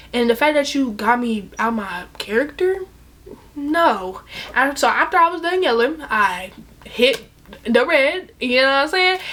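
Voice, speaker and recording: A young woman telling a casual storytime, animated and profane, acting out the other people's lines in bursts. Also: on the high side.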